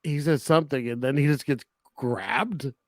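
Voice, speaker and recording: A man co-hosting a podcast, chatting casually about a film and acting out its scenes in quick asides. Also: medium pitch, dry recording. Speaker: podcast co-host. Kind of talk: casual film review chat.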